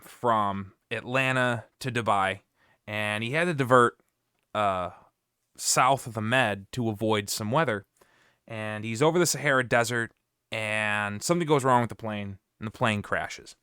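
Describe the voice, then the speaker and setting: A man's voice: on the low side, bright, forceful tone, smooth, dry recording, clean studio sound. A man telling a long joke in a casual chat with friends, easygoing. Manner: easygoing storyteller with fillers.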